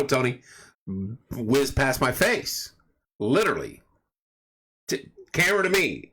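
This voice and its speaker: A man's voice: medium pitch, a bit bright. A man hosting a casual home livestream, rambling through stories and greeting viewers by name. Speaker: livestream host. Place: home room at night.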